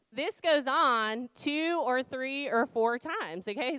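Woman in her thirties, campus ministry leader, chatty Bible talk, lots of ums, smooth clear voice, dry close sound. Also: sits high, measured pace, few pauses, pushed and bright, dry recording. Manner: conversational, many um fillers, rhetorical questions. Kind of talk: informal Bible talk to students.

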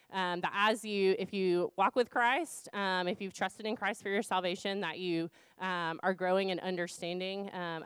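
Smooth-voiced woman giving a chatty Bible talk. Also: medium pitch, no echo. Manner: conversational, many um fillers, rhetorical questions. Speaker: campus ministry team leader. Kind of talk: informal Bible talk to students.

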